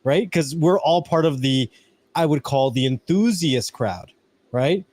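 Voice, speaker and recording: A chatty man with a slightly high voice co-hosts a casual podcast stream. He talks at length and keeps checking for agreement as he goes. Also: lively intonation, measured pace, darkish tone, no room sound. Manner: talkative, ends points with "right?". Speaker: podcast co-host. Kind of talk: casual live-stream chat.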